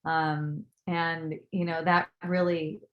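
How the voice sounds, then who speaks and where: A woman telling a personal story in a casual, animated way, acting out what others said and swearing now and then as she draws a life lesson from it. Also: deep voice, slow pace, highs cut off. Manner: animated, acts out quoted voices, swears casually. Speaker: spiritual teacher. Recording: echoey room.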